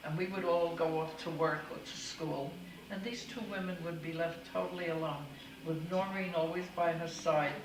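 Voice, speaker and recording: A woman's voice: sits low, steady tone, normal speed, background noise. An older woman recounting her family's history in an oral-history interview, telling anecdotes and acting out remembered quotes. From United States. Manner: warm anecdotal storytelling with acted quotes. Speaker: storyteller. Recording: echoey room, far from the mic, music behind.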